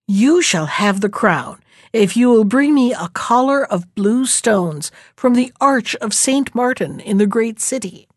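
A woman voicing a huge, slow-witted male giant who bargains slowly and deliberately, in a storybook reading. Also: fairly high pitch, expressive, dry recording, clean studio sound. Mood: gruff bargaining.

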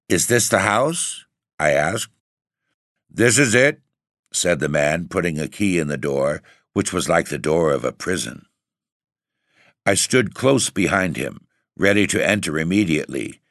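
Deep-voiced man narrating a story. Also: creaky, fairly bright tone, dry recording, studio quality. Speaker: audiobook narrator. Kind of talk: first-person story narration.

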